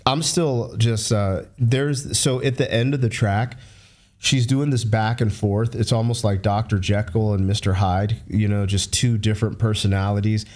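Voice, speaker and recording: A man's voice: on the low side, fairly even intonation, moderate pace, darkish tone. A man giving a reflective take on a song during a casual music reaction chat. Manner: reflective, talks at length about feelings in the song. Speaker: guest reactor.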